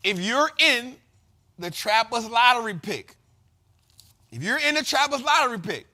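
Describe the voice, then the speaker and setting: A man hosting a casual investing show, explaining market terms in slangy, repetitive, animated talk. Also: very high voice, a little slow. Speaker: host.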